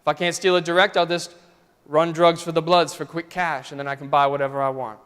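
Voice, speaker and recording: A man's voice: on the high side, little pitch movement, fairly quick, fairly bright tone, clear, resonant tone, close to an everyday voice. A man voicing a troubled, defiant homeless teenage boy who talks bluntly and defensively, in a sermon story. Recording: long church reverb.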